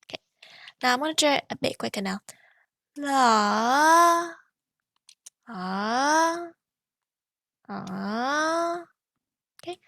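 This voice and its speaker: A woman's voice: high-pitched, gravelly, a bit bright, no echo. A woman teaching a pronunciation lesson, patiently demonstrating tones with sung syllables and checking in with frequent "okay"s. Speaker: language teacher.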